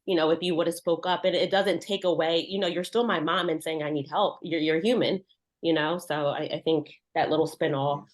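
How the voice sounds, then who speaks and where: A woman's voice: sits low, steady tone, fairly quick. A woman, a daughter on a panel, talking earnestly and casually and often saying "you know".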